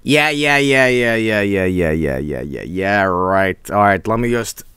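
A Swedish man, a native Swedish speaker from Sweden, streaming a game live with excitable, profane commentary and frequent laughter. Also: fairly low pitch, a little slow, clear, resonant tone, no echo.

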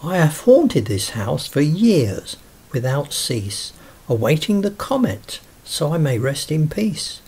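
A man's voice: on the high side, very animated, slow, a little mellow, slightly rough, voice pushed up, heavily acted. A man voicing a sad, scholarly young ghost in a storybook reading, telling his woes tearfully. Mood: mournful.

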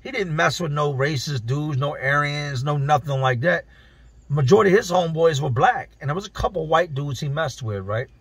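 A man's voice: on the high side, lively intonation, moderate pace, a bit bright, husky, no echo. A man telling stories from prison in casual street slang, acting out the other people's lines as he goes. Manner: streetwise slang, acts out quoted dialogue. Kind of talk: casual storytelling.

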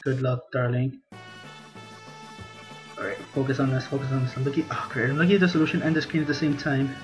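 A man's voice: mid-range voice, rapid-fire, music in the background, rough recording. A young man giving casual, self-mocking let's play commentary. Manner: chatty, self-mocking, reads game dialogue in a hammy theatrical voice. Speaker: gameplay commentator.

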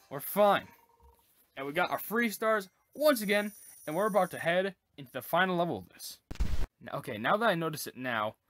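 A woman hosting a casual let's-play, chatty and excitable as she gushes over cute details. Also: deep voice. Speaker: gaming channel host.

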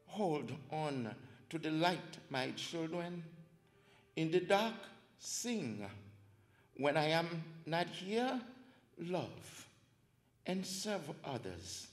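A man reciting his poems aloud with slow, earnest pauses at a library reading. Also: on the high side. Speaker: poetry reader. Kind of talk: poetry reading. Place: library event room. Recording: echoey hall, reverberant.

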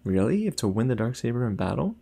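A young man hosting a casual reaction video, talking excitedly to his viewers with lots of exclamations. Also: medium pitch, fast talker, creaky, breathy edge. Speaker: YouTube reaction host.

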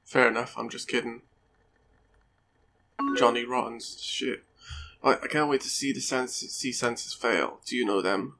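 A man's voice: medium pitch, steady tone, measured pace, gravelly, long pauses, pushed and bright. A man giving let's play commentary over a game, swearing often and joking at his own expense. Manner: sweary, joking, self-mocking. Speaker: gaming YouTuber.

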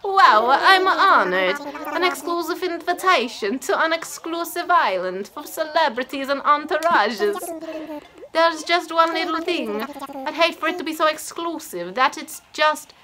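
A woman's voice: sits high, measured pace, crowd noise, pitched above the performer's own voice. A woman voicing a vain male frog camper in a video game with a hammy put-on Italian accent.

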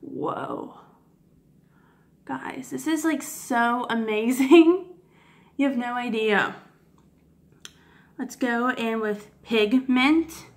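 A woman beauty vlogger swatching makeup for her viewers, gushing and giddy, often apologizing for her technique and dropping into soft whispers. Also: on the high side, slow, pauses often. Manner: gushing, giddy, keeps addressing viewers as guys. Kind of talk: casual makeup swatch review.

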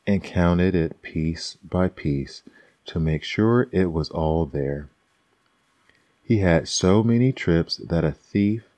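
A man reading fables aloud as an ASMR bedtime storyteller, soft and unhurried. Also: sits low, no echo.

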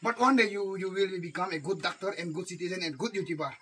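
A man playing a teacher, talking in halting broken English mixed with Hindi and repeating his words. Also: high-pitched, sharp tone, a little hiss or hum. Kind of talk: improvised comedy skit.

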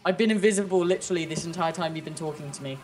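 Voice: mid-range voice, racing, a little hiss or hum. A gamer chatting casually during play with a friend, playful and teasing, often laughing. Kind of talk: casual gameplay chat.

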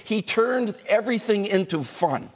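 Husky man telling a story. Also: high voice, measured pace. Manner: animated, does lively impressions of a friend. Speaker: guest. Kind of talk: storytelling in a studio panel.

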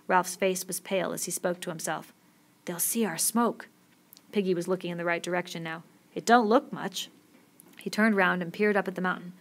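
A woman reading a novel aloud with steady, expressive storytelling. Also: lowish voice. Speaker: audiobook reader.

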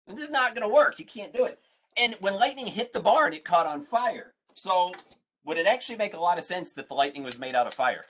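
Animated man teaching science to kids. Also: sits high, brisk, a little hiss or hum. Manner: animated, questioning, playful. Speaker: museum science educator. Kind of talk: online family science lesson.

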